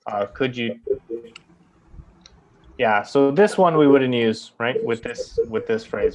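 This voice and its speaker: A man's voice: mid-range voice, slow pace, long pauses, a little mellow. A man teaching an English grammar class, explaining patiently and checking often with "right?".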